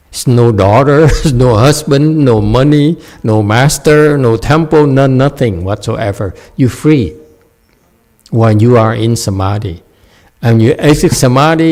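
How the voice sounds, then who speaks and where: A man's voice: mid-range voice, a little mellow. A man giving a meditation dharma talk and answering questions. He laughs often and keeps checking in with "okay?". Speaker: Chan meditation teacher.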